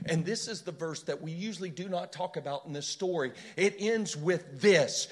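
A man's voice: fairly high pitch, moderate pace. A man preaching a sermon with impassioned storytelling and rhetorical questions.

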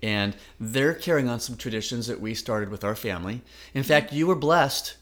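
A man's voice: mid-range voice, lively intonation, moderate pace, a bit bright. A middle-aged man co-hosting a podcast, talking in an earnest, encouraging way. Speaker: podcast co-host. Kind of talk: casual chat.

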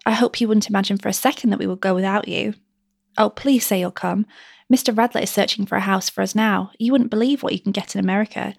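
Woman reader voicing a chattering, pleading young mistress; gravelly texture, close and dry. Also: mid-range voice, dry recording. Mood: excited. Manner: gushing, pleading, rising.

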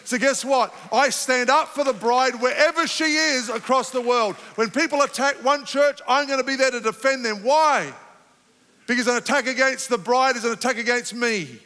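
Male pastor, high bright tense voice, fervent sermon delivery, big reverberant church sound. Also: moderate pace. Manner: impassioned, rising to fervent emphasis then calming. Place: church sanctuary.

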